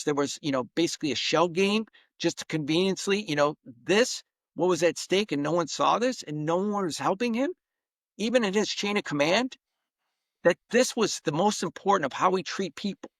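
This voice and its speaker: A man's voice: high voice, normal speed, vocal fry, dry recording. A middle-aged man, a podcast guest, telling a personal story earnestly and with feeling, acting out the quotes. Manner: earnest, emotional, animated retelling with acted-out quotes.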